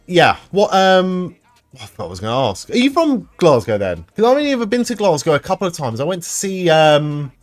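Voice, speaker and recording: A man hosting a live stream, chatting casually with viewers, rambling and swearing freely. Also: a little high. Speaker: livestream host reading chat.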